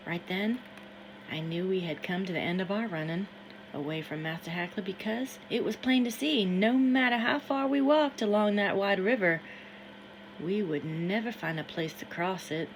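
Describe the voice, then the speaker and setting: A woman's voice: medium pitch, moderate pace, slight background noise, low-quality recording. Woman reading a novel aloud. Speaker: audiobook reader. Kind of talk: first-person audiobook narration.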